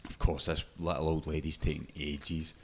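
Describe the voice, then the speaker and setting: With a rumbling low voice and little pitch movement, this Scottish man speaks at a moderate pace with a breathy edge. He co-hosts a podcast, chatting casually, telling stories, and laughing as he acts out voices.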